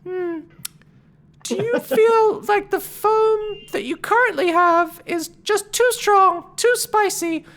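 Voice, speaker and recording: A game master voicing Flea, a meek little male creature who loves mild things, in a very high, halting voice. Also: fairly bright tone, full character voice. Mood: flustered. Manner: squeaky, halting, stammering sales pitch.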